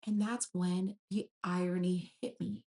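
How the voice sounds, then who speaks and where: A woman's voice: lowish voice, little pitch movement, unhurried, dark tone. A young woman from Nigeria earnestly recounting a personal story, full of quoted dialogue.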